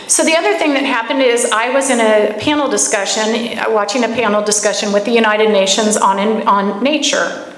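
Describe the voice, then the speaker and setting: A woman's voice: a little high, fairly quick, fairly bright tone. A woman giving a live talk to an audience, telling stories and asking the room pointed questions. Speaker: speaker at a camp gathering. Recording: echoey room with faint background noise.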